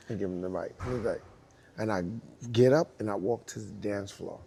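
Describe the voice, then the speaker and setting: A man who judges hip hop dance battles, telling a casual anecdote and acting out what others said in an animated way. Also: lowish voice, normal speed, vocal fry. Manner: animated, acts out quoted dialogue.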